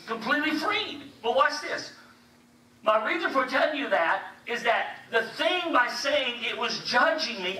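A man preaching a sermon, telling a story in an animated way. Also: extremely high pitch. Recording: echoey hall, distant mic, faint hiss.

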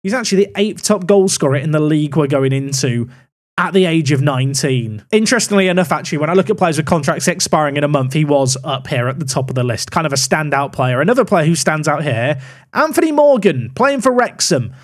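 A young man casually commenting on a management game as he plays, thinking aloud with wry asides. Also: brisk. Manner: musing aloud, wry asides, animated pitch swings. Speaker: gaming YouTuber.

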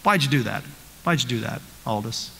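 A man's voice: medium pitch, lively intonation, a little fast, creaky, fairly bright tone, slightly rough, long reverb tail, rough recording. A man, a pastor, teaching a conversational Bible study with rhetorical questions and frequent restarts. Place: church.

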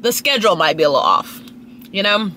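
A young lifestyle vlogger from Dallas, Texas chats gossipily to her phone camera while people watching at a restaurant. Her sing-song voice is quick, pushed and bright, full of swooping pitch jumps, with a little hiss or hum in the audio.

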